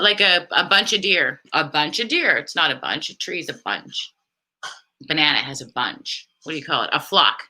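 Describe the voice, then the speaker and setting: A woman co-hosting a casual live chat, talkative and rambling, quick to laugh. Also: low voice, sharp tone. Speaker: co-host of a camping channel live stream.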